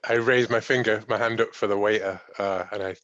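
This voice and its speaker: A man's voice: on the low side, steady tone, fairly quick, fairly bright tone, no echo. A man playing his character in a tabletop game, drawling and folksy, hesitant at times, on a dull lo-fi mic. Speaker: player. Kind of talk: in-character tabletop role-play.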